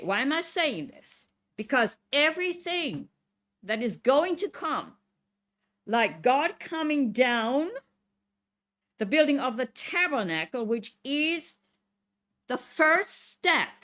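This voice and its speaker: Her voice is high-pitched and a bit bright, very animated yet slow, with long pauses. This woman teaches the congregation Torah in a synagogue classroom, reading the verses out, unpacking the Hebrew words, and checking in again and again with "Okay?".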